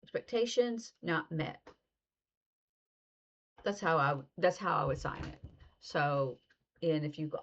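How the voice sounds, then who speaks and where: A woman's voice: fairly low pitch, expressive, a little slow, pauses often. Chatty woman teacher doing a casual video lesson, acts out little dialogues, kinda muffled lo-fi sound. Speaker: sign language teacher.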